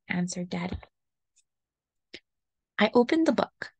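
A woman reading a children's picture book aloud in a gentle, expressive storytelling manner. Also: mid-range voice, moderate pace, vocal fry, dry recording. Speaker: storybook reader.

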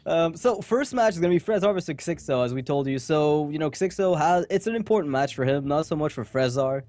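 A man casting an esports match, chatting casually between games with quick asides and jokes. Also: on the high side, animated, darkish tone. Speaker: esports caster. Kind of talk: casual pre-match commentary.

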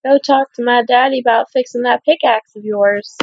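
A woman's voice: a little high, fairly even intonation, normal speed, dry recording, lo-fi sound, voice pushed up. A woman voicing a friendly young woman who gives helpful advice in a video game.

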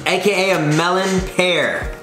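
A young man co-hosting a casual vlog, playful and teasing, swearing casually and breaking into excited shouts. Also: high voice, unhurried. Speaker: co-host. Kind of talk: casual vlog chat while taste-testing. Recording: roomy sound with music underneath.

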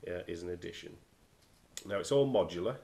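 A man's voice: deep voice, animated, a little fast, mellow. Man with a cold-stuffed nasal voice. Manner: hesitant, many ums and restarts. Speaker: diving gear reviewer. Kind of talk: casual product review.

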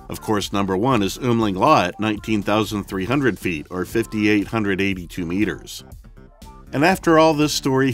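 Man narrating a documentary over music. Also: mid-range voice. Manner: measured, explanatory, addresses viewers directly. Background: faint background music.

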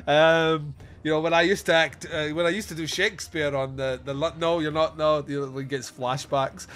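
A man hosting a casual film review podcast, animated and quick to laugh, acting out lines from the movie. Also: a little high. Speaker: podcast host.

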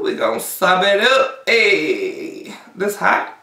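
A woman hosting a casual mukbang vlog chats directly to her viewers in a lowish, fairly bright voice, very animated but unhurried. She's away from the mic in an echoey room.

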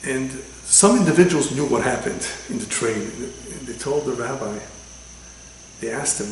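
A man, a rabbi, giving a religious lecture with animated storytelling and sudden loud quoted lines. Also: mid-range voice, normal speed, slight background noise. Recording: echoey room with faint ambience.

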